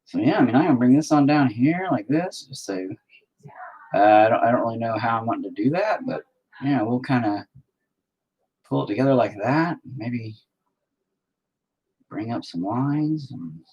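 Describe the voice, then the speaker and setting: His medium-pitched voice has a darkish tone and a breathy edge. A painting vlogger, he keeps up a rambling, casual chat while he paints, full of swearing and self-mockery.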